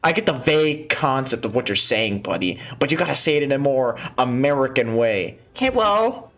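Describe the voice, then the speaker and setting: A man's voice: medium pitch, brisk, fairly bright tone. A man hosting a gaming video, talking through a game with profane jokes and frequent laughter. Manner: profane, joking, laughs often. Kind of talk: let's play commentary.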